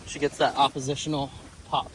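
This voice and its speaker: A man working as a dog trainer. He talks outdoors in a relaxed, chatty way, explaining his methods and often praising the dog. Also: mid-range voice, a little fast, a little hiss or hum, low-quality recording. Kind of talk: casual explanation on a training walk.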